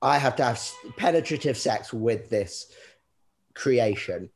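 A man's voice: mid-range voice, expressive, measured pace, vocal fry, soft background music. A man hosting a comedy podcast in casual chat, playful and often laughing. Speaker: podcast host.

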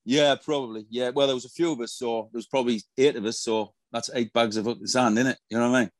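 A man's voice: medium pitch, steady tone, quick pace, no room sound. A middle-aged man, a former footballer telling profane anecdotes in a casual interview. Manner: profane, storytelling, swears constantly.

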